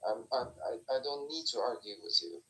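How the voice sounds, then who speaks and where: A man on a voice chat who brushes off an argument and says he won't engage. His voice is very bright and sharp. He sits at a middle pitch. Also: a little fast, a little hiss or hum. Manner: dismissive, trying to shut the argument down. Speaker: participant in a live voice chat.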